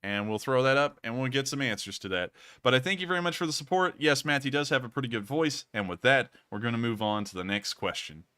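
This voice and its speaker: A man talks through a casual livestream, answering donations from viewers. His voice is bright and crisp. He lifts his pitch on purpose so the delivery stays lively. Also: fast, few pauses. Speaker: livestream host reading donations.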